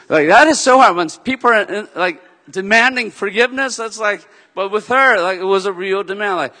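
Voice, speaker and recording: Lively male preacher, bright and fairly high, long hall echo. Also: a little fast, hardly any pauses. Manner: animated, swings from shouting to soft. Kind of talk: sermon storytelling.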